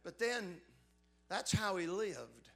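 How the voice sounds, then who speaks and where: High, bright-voiced preacher. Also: male voice, very animated, slow pace, gravelly, faint music behind. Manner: swings between fervent preaching and hushed, earnest passages. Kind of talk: sermon.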